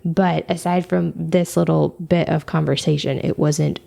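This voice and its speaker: Woman, podcast co-host, casual chat, low-pitched, gravelly, many fillers. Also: steady tone, measured pace, mellow. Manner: chatty, many fillers and laughs.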